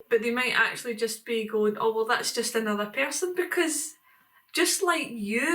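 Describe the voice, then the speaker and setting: A middle-aged woman talks to camera in a relaxed vlog. Her voice sits a little high, and she muses aloud, stopping and restarting her sentences, with plenty of fillers. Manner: rambling, reflective, with many fillers and restarts. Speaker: vlogger. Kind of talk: casual talking-head vlog.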